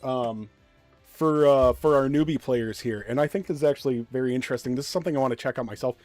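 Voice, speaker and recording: A man's voice: mid-range voice, fast talker, darkish tone, no room sound, faint music behind. A man streaming a mobile game, talking bluntly in casual commentary, rambling with fillers and self-deprecating jokes. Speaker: gaming streamer.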